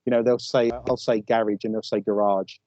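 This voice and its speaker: A man with an East London English accent, a guest telling wry, animated stories in a casual interview. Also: mid-range voice, quick pace, lo-fi sound. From England. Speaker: guest, paranormal investigator.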